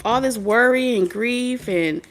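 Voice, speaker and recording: A woman with a gravelly, fry-laden voice gives spiritual advice in a loose, preachy monologue. She talks bluntly, swears freely and drifts into streetwise stories. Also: on the high side, a little slow. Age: adult mother of several children. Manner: blunt, profane, streetwise storytelling. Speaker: spirit medium and tarot reader.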